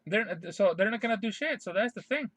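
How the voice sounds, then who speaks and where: Guy streaming a rant, high voice, cussing a lot, keeps repeating himself, dry close mic. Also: animated, brisk, a bit bright, no room sound. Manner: profane, emphatic, repeats himself. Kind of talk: casual ranting monologue.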